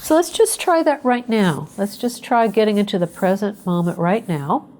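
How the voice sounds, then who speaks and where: A woman psychotherapist leading a webinar, talking in a gentle, conversational way and guiding listeners through a mindfulness exercise. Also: medium pitch, animated, normal speed. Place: indoors, remote webinar.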